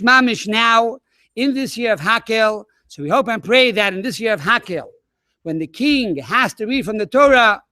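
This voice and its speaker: A man, a rabbi, telling an animated story to schoolchildren over a webinar. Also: high voice, no room sound, studio quality. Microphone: webinar microphone.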